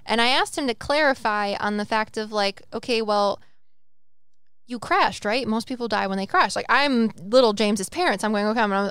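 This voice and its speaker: A young woman who co-hosts a laid-back podcast as a psychic medium rambles with lots of energy, cursing and doing different voices when she quotes people. Her pitch is medium, her tone smooth, and there's no room sound.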